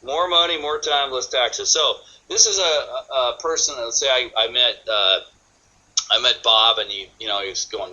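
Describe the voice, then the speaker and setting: A man's voice: mid-range voice, moderate pace, pushed and bright, highs cut off. A man from California giving a sales training seminar, acting out both sides of sample conversations.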